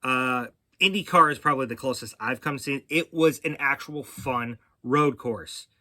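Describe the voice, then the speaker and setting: Man, podcast host, casual racing talk, rambling with fillers, bright voice, dry close sound. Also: mid-range voice, moderate pace, no echo. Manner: rambling, with frequent fillers and restarts.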